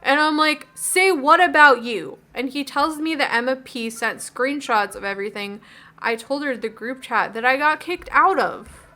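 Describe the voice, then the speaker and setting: Hurt teenage girl from a video game, rambling and gossipy, a woman doing the lines, high voice. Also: moderate pace, bright, forceful tone.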